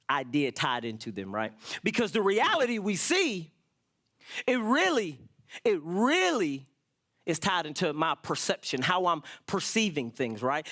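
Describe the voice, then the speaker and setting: A man's voice: sits high, fairly bright tone. A man preaching a sermon in church as pastor, explaining scripture and acting out people's worried prayers.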